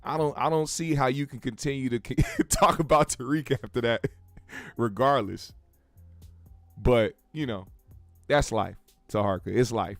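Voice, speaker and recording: This man hosts a show, delivering relaxed, joking commentary laced with profanity. His pitch is medium and there's no room sound.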